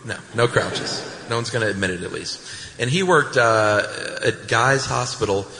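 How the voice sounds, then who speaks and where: An American man co-hosting a podcast live on stage, telling a story with relaxed, laughing banter. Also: mid-range voice, normal speed. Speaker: podcast co-host. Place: large hall with live audience. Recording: echoey hall recording.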